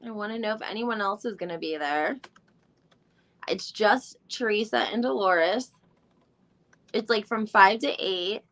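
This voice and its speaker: A woman's voice: medium pitch, measured pace, pauses often, a bit bright. A woman hosting a live recap, chatting casually and thinking aloud as she looks things up, with mild swearing and lots of fillers. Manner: chatty, rambling, thinks aloud while searching online. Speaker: podcast host doing a live recap. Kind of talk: casual live-stream chat.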